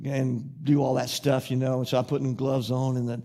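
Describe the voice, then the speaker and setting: A man's voice: medium pitch, flat delivery, moderate pace, creaky, mellow. A man preaching a sermon as pastor, moving from fervent repeated phrases to folksy personal storytelling. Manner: impassioned preacher with rhythmic repetition.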